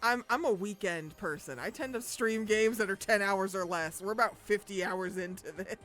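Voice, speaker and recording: A young adult woman streaming games live, chatting casually with viewers, bubbly and quick to swear and laugh. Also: mid-range voice, fairly bright tone, soft background music. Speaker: game streamer.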